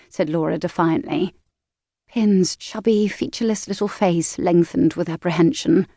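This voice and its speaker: A woman narrating an audiobook of a classic novel in a measured, expressive storytelling manner. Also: lowish voice, dry recording, studio quality.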